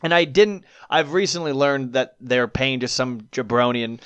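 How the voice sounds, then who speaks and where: A man's voice: mid-range voice, steady tone, normal speed, clean tone, no room sound, highs cut off. Teasing, contrarian man on a podcast. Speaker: podcast co-host. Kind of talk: casual chat.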